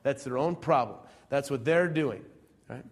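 In an unhurried, mid-range voice, a male pastor from Central Illinois preaches to his church. He talks with the congregation conversationally, poses many rhetorical questions, and alternates loud, emphatic moments with soft asides.

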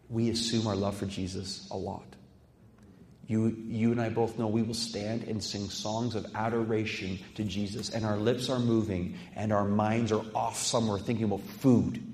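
Passionate preacher man in an echoey hall. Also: mid-range voice. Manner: passionate, builds from hushed to fired-up; quotes others in acted voices. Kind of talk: sermon.

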